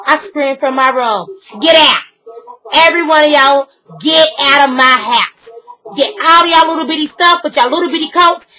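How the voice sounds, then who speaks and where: A woman's voice: high voice, low-quality recording. An older woman telling a story casually and sassily to camera, acting out what others said. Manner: animated, sassy, acts out quotes. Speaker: vlogger.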